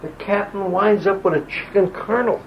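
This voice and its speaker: Older man with a gravelly voice, muffled old tape. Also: high-pitched, fairly quick. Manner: loose, digressive, acts out quoted voices. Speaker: interviewee, army veteran. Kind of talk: rambling oral-history storytelling. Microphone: home audio recorder. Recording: lo-fi old tape with faint hiss.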